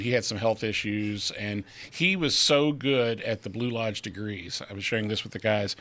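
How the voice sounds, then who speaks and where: A man co-hosting a podcast, telling stories in a chatty, lively way. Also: mid-range voice. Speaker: podcast co-host. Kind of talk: casual chat.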